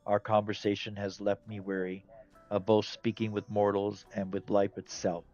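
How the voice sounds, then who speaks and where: A man's voice: fairly low pitch, flat delivery, normal speed, a little mellow, natural voice. A man reading as a weary aloof being. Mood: weary, dismissive. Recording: dull lo-fi audio, faint game music.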